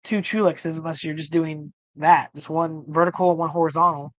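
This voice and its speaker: A man's voice: fairly high pitch, fairly even intonation, brisk, no room sound. Man losing his voice, casual rambling streamer co-host, dry close mic. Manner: rambling, many fillers and restarts. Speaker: livestream co-host. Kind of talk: casual chat.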